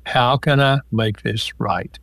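A man speaks as an interview guest, explaining each point patiently with examples. His voice sits at an ordinary pitch. The recording is close and dry, with no room sound. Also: slow, gravelly, no echo. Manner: calm, explanatory, gives examples. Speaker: author and marriage counselor guest. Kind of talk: interview conversation.

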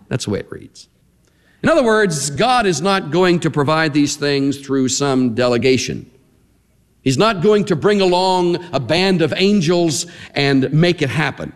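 A man preaching an expository sermon as pastor, animated and emphatic, slowing down to stress key words. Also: fairly high pitch, big-room sound.

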